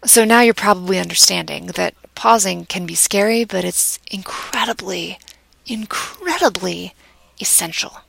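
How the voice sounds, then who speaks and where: A woman teaching vocal delivery, her mid-pitched voice carrying a gravelly edge. She talks conversationally, poses rhetorical questions and shifts her volume on purpose, sometimes sinking to a whisper for emphasis. The sound is close and dry, with no room echo. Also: animated, a bit bright. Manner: demonstrative, varies volume and pace deliberately, drops to whispers for emphasis. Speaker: speech instructor.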